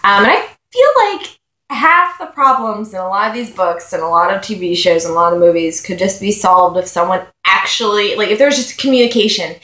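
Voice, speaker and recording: A woman's voice: medium pitch, lively intonation, normal speed, bright, forceful tone. Wry woman reviewing a book in an echoey room. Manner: wry, sarcastic asides. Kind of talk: casual chapter review, reading aloud.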